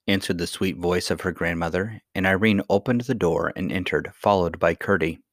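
Low-voiced man reading a storybook. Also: fairly even intonation, normal speed, hardly any pauses, dry recording, clean studio sound. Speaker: audiobook narrator. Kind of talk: storybook narration.

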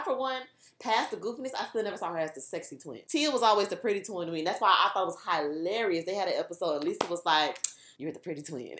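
A young woman gossiping with a co-host, her words tumbling out quickly. Her pitch leaps high and drops low as she laughs and swears. The room around her has a noticeable echo. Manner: animated, swearing, laughing often. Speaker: podcast co-host. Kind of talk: casual chat.

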